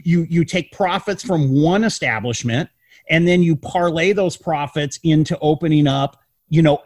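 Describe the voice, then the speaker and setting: A man's voice: on the high side, darkish tone, no echo. A man with a slightly raised voice talks animatedly, piling up rhetorical questions and restarting his sentences. The sound is close and dry, with no room around it. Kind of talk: casual political chat.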